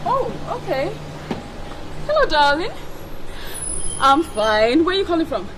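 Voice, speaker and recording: An actress playing a vain, haughty female celebrity who is quick to rage and insults people. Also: very animated, a bit bright, roomy sound, slight background noise, full character voice. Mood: sweet. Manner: imperious, shrill and insulting when angry. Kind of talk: Nollywood film acting.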